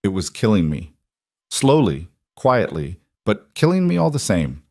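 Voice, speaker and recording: A steady, gentle widowed single father, voiced by a man with a fairly low voice, speaking in a calm, reassuring way. It is an audiobook-style story reading, recorded close and dry. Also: unhurried, no room sound, exaggerated voice.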